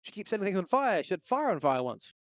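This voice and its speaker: A man's voice: high voice, very animated, quick pace, no room sound, pitched above the performer's own voice. Man reading lines as a grumbling game king, worried, lightly acted, dry recording.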